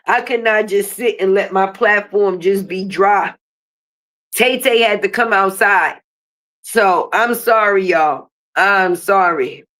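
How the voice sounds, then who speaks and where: A woman's voice: mid-range voice, slow, a bit bright. Sick, chatty woman streaming live. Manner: chatty, talks straight to viewers, swears freely. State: sick, coughing and sniffly. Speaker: livestream host. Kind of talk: casual livestream chat.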